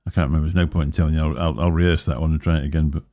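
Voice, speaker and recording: A middle-aged man co-hosts a live vaping chat show, his voice a rumbling low with a warm, steady tone and rapid-fire delivery. He rambles, corrects himself and chuckles as he talks. The studio sound is clean, with no room noise.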